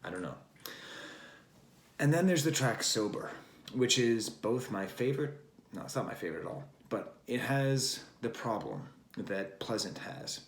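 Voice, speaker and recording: A man's voice: mid-range voice, animated, moderate pace. Rambling man reviewing records in a roomy space. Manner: rambling, wry, digressive with frequent fillers. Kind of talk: casual spoken album review. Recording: roomy echo.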